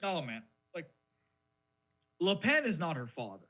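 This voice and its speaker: A man co-hosting a podcast rants in a profane, mocking way. His pitch swings widely and his tone is bright. There is a husky edge to his voice. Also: wildly swooping pitch, measured pace. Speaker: podcast co-host. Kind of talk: casual podcast chat.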